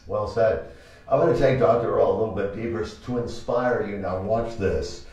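A man hosting a pastoral talk show, telling a Bible story in an animated way and acting out the quotes. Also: on the low side, normal speed. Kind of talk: preaching talk-show chat. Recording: echoey room, mic from a distance, dull sound.

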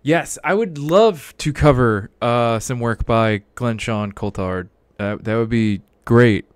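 A man's voice: mid-range voice, slow pace, clear, resonant tone, no room sound. A man co-hosting a reading stream, joking and swearing freely in casual chat. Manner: lively, jokey, swears freely. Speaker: co-host and stream moderator.

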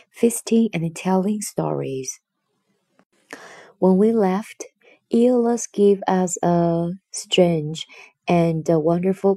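Slow, expressive woman reading a storybook. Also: lowish voice, dry recording. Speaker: storybook narrator. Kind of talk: reading a children's storybook aloud.

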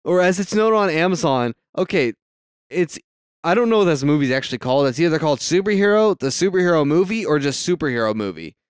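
Excitable young man, lively high voice. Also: clean tone, no room sound, studio quality. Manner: excitable, swearing, quick laughs. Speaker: podcast co-host. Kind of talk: casual movie-watching chat.

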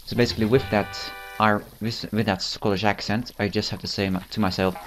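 A teenage boy with a lowish voice rambles through casual gameplay commentary, amused at his own jokes. He stumbles over fillers and restarts his sentences as he goes. Game music plays faintly behind him. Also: fairly even intonation, fairly quick, few pauses. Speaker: channel host.

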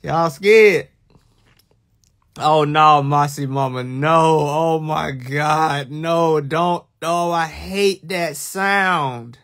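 A young livestream host with a drawl teases his viewers in a casual stream, his voice a bit bright and a touch higher than most men's. He speaks slowly and drawn out with fairly even intonation, slipping into bursts of mock alarm and easy ribbing.

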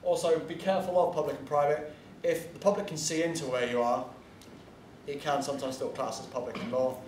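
At a convention panel, a man talks casually in a brisk, steady, medium-pitched voice with a somewhat dark tone, chatty and blunt, wandering into asides and dropping the occasional swear word. He's captured from a distance in an echoey room, with faint ambience and slight background noise.

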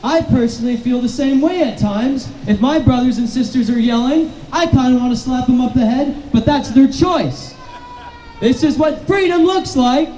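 A man giving an impassioned rally speech outdoors in the rain, repeating slogans and rising to shouts. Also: very high-pitched, normal speed, reverberant, low-quality recording. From Canada. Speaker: rally speaker. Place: street protest outdoors in the rain.

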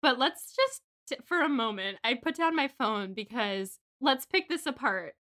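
A young woman co-hosting a casual book podcast, chatty and animated as she recaps chapters and swears now and then. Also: fairly high pitch, a little slow, few pauses. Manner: chatty, swears, acts out quotes. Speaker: podcast co-host. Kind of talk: casual book-club chat.

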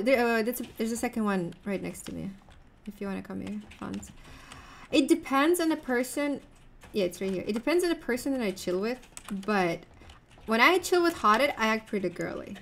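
A woman's voice: medium pitch, slight background noise. A young woman streaming a game live, chatting with viewers and a teammate in a rambling, giggly way. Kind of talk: casual live-stream chat while gaming.

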